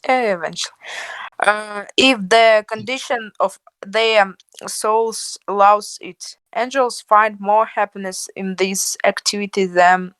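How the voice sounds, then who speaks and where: A woman reading a religious text aloud in English on an online book club call, careful and pausing often with uh. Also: mid-range voice, fairly even intonation, fairly bright tone, smooth, no room sound, rough recording. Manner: careful, filled with uh pauses. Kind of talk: reading aloud with halting pauses.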